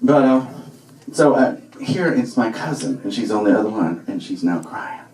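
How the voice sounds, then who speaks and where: A man's voice: on the low side, expressive, normal speed, a little mellow, a little hiss or hum. A man from Alabama, telling a comic story to a live audience in a wry, conversational way full of fillers. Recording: echoey room, voice from far off.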